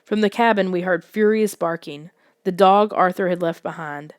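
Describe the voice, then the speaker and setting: A woman narrating a children's suspense story in a soft, hushed audiobook reading. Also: fairly low pitch, moderate pace, no room sound, studio quality.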